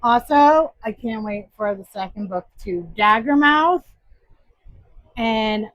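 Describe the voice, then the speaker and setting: A woman's voice: a little high, expressive, takes it slowly, fairly bright tone, dry recording, muffled recording. A woman book vlogger casually reviewing her monthly reads, enthusiastic and emphatic.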